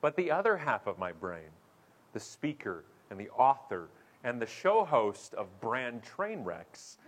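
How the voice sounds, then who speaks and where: Animated man telling stories. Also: mid-range voice, unhurried. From Canada. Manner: animated, acts out voices with big swings. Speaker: keynote speaker and show host. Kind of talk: humorous storytelling talk.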